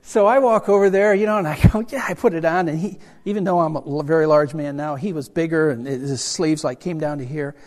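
An older man preaching a sermon as a pastor. He tells a personal story in a chatty, animated way, with self-deprecating humor. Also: a little high, a little fast, few pauses. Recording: reverberant hall sound.

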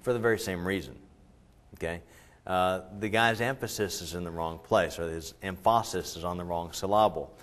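A man preaching a sermon in a church, talking with the congregation, asking them questions and swinging between loud and quiet delivery. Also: low voice, normal speed. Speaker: pastor.

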